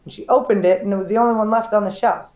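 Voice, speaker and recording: A woman's voice: medium pitch, steady tone, racing, a little mellow. Female co-host, candid storyteller, mid voice, echoey room, dull lo-fi sound. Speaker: podcast co-host. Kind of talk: casual chat.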